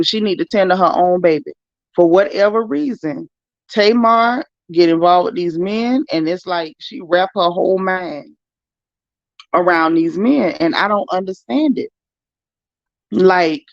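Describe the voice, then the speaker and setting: A woman's voice: on the low side, unhurried, no room sound, highs cut off. A woman hosting a casual livestream, chatting to viewers and reading their comments. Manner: chatty, animated, talks straight to viewers.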